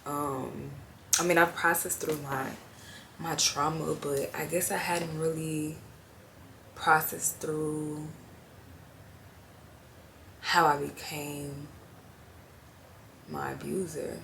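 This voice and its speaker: A young woman in her twenties talking to the camera in a personal confessional vlog, slow and heartfelt, trailing off with fillers and tearful at times. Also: sits low, level tone, vocal fry, a bit bright, slight background noise. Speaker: vlogger.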